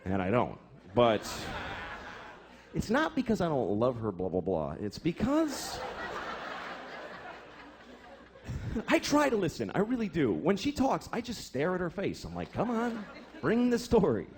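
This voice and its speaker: A man's voice: a little high, huge pitch swings, measured pace, long pauses, a little hiss or hum. A man doing a stand-up comedy routine, telling stories in a profane, exasperated way. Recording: live show with audience laughter. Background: crowd laughter.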